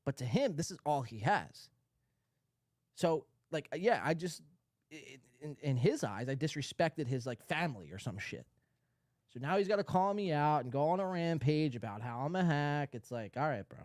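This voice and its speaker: A man's voice: a little high, very animated, moderate pace, darkish tone, no echo, studio quality. A man hosting a podcast, ranting in a sarcastic, profane, rambling way. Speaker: podcast host. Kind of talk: ranting commentary.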